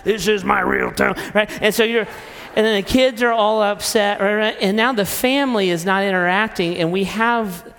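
Man, high voice, jokey preaching, long hall reverb, self-deprecating. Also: steady tone, moderate pace, gravelly, hardly any pauses, a bit bright. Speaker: speaker. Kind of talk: humorous sermon-style talk.

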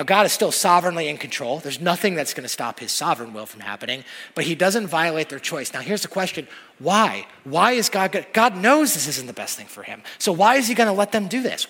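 A man preaching a sermon as pastor, telling stories in an animated way that builds to loud, emphatic peaks. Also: on the high side, breathy edge. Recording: long hall reverb.

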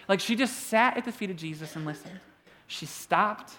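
Animated man in his thirties preaching. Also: sits high, normal speed. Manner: animated storytelling with humor. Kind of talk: sermon.

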